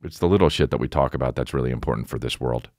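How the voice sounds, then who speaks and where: A man in his forties hosting a podcast, telling a rambling, profane story and jumping into high voices for quotes. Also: rapid-fire, a little mellow, dry recording, studio quality. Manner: rambling and profane, acts out quotes with big pitch jumps. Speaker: podcast host. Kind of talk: casual monologue.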